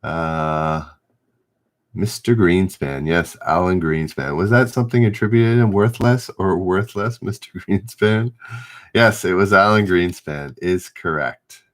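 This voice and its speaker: Middle-aged guy hosting a trivia stream, slowish low voice, reads questions out and fumbles them, chats with chat. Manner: reads questions aloud, stumbles and rereads, chats with viewers. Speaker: trivia host.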